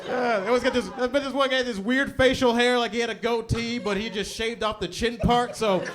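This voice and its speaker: High-voiced man doing stand-up. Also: steady tone, a little fast, background noise. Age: 40s. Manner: conversational, asks the crowd for agreement. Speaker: stand-up comedian. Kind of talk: live stand-up comedy. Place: comedy club stage. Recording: live club with audience laughter.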